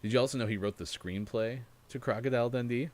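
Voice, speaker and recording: A man's voice: mid-range voice, fast talker, darkish tone. A man hosting a gaming morning show, chatting casually and rambling with laughs. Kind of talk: casual chat. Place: studio.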